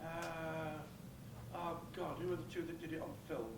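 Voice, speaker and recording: An older Englishman answers fans at a convention panel, chatty and quick to joke. His voice sits fairly high. He is picked up from a distance in an echoing, noisy hall. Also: level tone, vocal fry. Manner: chatty, joking, laughs between answers. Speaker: guest actor on a convention panel. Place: large echoey convention hall. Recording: echoey hall from far off, noisy.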